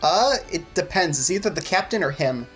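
Casual game master, higher voice. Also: male voice, lively intonation, brisk, fairly bright tone, soft background music, rough recording. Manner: casual, filler-heavy narration. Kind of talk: narrating a tabletop game.

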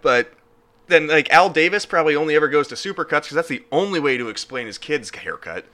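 A man with a very bright, ringing voice and a lively, swooping delivery, talking loosely as a podcast co-host. He rambles, jokes and slides into goofy bits. His pitch sits a little above the usual. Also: quick pace, slight background noise. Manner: rambling, joking, breaks into goofy impressions. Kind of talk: casual chat.

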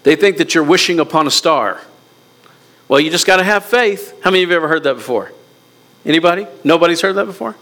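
A man's voice: high-pitched, sing-song, fairly quick, long pauses, pushed and bright. A male pastor preaching a sermon to his congregation, emphatic and conversational, often repeating words and asking the room questions.

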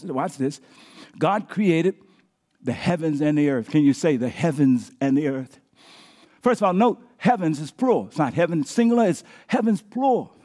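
A man preaching a live sermon as pastor, emphatic, calling on the congregation to answer back and swinging between near-shouts and hushed lines. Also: high-pitched. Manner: engages the congregation with call-and-response prompts.

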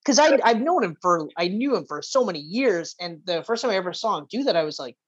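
A woman's voice: fairly low pitch, sing-song, quick pace, slightly rough. Playful female co-host, teasing banter, slightly muffled lo-fi audio. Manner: playful, teasing, acts out voices in anecdotes. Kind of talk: casual chat.

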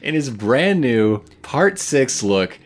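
Man, podcast co-host, jokey asides, lively swooping intonation. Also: medium pitch, slow pace. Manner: joking, playful asides. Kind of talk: casual chat recapping an anime.

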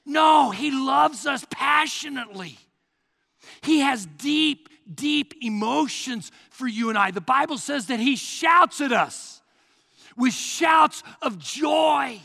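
A man's voice: very high voice, animated, slow, vocal fry. Impassioned pastor in his sixties, hall reverb. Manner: dramatic swings from hushed to shouting. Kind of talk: sermon.

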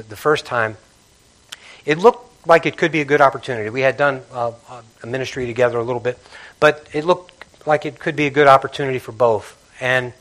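Man, pastor, church sermon, bright tense tone, impassioned, loud-to-hushed swings. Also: medium pitch. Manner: impassioned preaching, swinging between loud emphasis and hushed intimacy.

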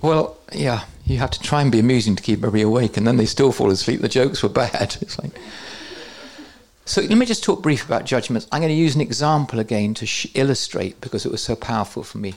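A man's voice: mid-range voice, animated, fast talker. A man teaching at a church conference, with joking, self-deprecating asides to the audience. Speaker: preacher.

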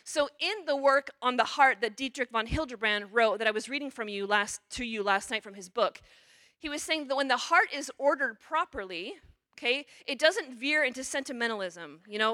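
A woman's voice: fairly high pitch, bright, forceful tone, no echo. A woman, a religious sister, giving a conversational sermon at a parish mission, often checking in with "okay?" and "you know.".

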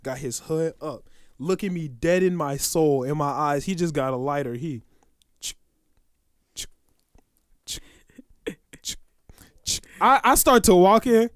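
Young male podcast co-host, high voice, dry close sound, slangy animated storyteller. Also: normal speed, clean tone, no echo. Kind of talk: casual storytelling chat.

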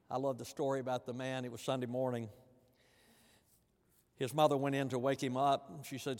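A man preaching a sermon, slipping into the voices of the people in his story and swinging from quiet asides to loud declarations. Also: mid-range voice, little pitch movement, fairly quick, long pauses. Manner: acts out the angry elder brother in plain voice, from soft asides to loud. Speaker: pastor. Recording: long hall reverb.

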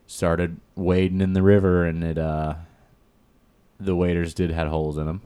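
A man's voice: sits low, flat delivery, normal speed, warm tone, clear, resonant tone. A man casually telling a rambling fishing story in a chat, full of fillers and quoted dialogue.

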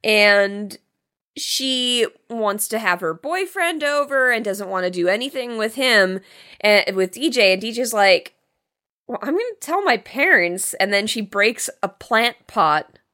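A young adult woman with a bright, clear tone talks through a movie's story in a loose, conversational way. She acts out the characters' lines as she goes, keeping the retelling animated. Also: mid-range voice, measured pace. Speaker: podcast co-host. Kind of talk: casual movie recap chat.

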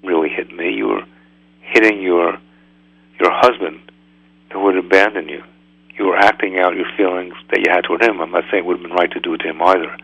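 Man doing kindly old rabbi, low quiet voice, gravelly, calm. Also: fairly quick, dry recording, lo-fi sound. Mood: soothing.

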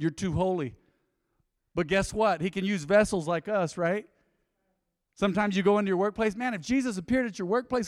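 Guy pastor preaching sunday sermon, kinda high voice, chatty and joking with the church. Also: no echo, studio quality. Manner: conversational, playful preaching with asides to the congregation. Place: church before a congregation.

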